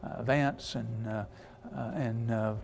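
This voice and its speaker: A man's voice: mid-range voice, fairly even intonation, slow, creaky, a little mellow, slight background noise. A man preaching a storytelling sermon, rambling with many filler sounds and restarts.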